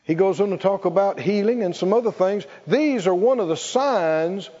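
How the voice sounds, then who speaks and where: A man's voice: high voice, lively intonation, normal speed, dark tone, long reverb tail. A man preaching a sermon, leading the congregation in call-and-response and laughing between points. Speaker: pastor. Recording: muffled church recording.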